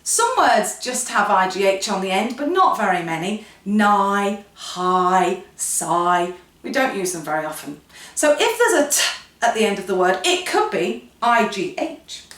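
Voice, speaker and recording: A woman's voice: medium pitch, a little slow, recorded from a distance. A woman giving a playful phonics lesson to children, telling the letters' sounds as little stories. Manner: playful storytelling, animated. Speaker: phonics teacher. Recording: echoey room, voice a bit off-mic.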